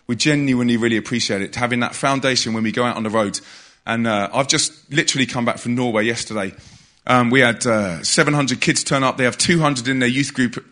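Bright-voiced joking preacher. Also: male voice, medium pitch, brisk. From England. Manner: jokey, conversational, calls out to the congregation. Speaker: visiting preacher. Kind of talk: lively church talk. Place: church hall.

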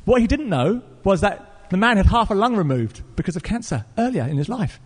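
An Englishman preaching a sermon, telling a story in an earnest, animated way with fillers and restarts. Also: high voice, fairly quick, breathy edge. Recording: long reverb of a church hall.

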